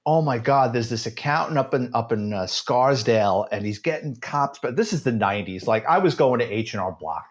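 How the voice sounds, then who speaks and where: A man's voice: mid-range voice, a little fast, hardly any pauses. Sarcastic New York man telling stories. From United States. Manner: sarcastic, animated storyteller. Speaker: retired police detective, guest. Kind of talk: casual storytelling interview.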